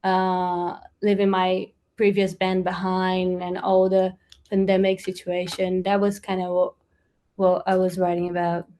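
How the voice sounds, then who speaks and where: A woman's voice: lowish voice, completely flat delivery, measured pace, mellow. A woman with a Brazilian accent talks as a podcast guest in a loose, rambling way. She keeps the chat casual and strings her thoughts together with plenty of fillers. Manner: chatty, rambling with many fillers. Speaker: guest musician.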